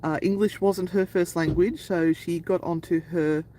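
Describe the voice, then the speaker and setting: A woman's voice: on the low side, fairly even intonation, unhurried, mellow, slight background noise, poor audio. A woman co-hosting a live stream, telling a long travel anecdote in a chatty, rambling way. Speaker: paranormal channel co-host. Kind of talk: casual live-stream storytelling.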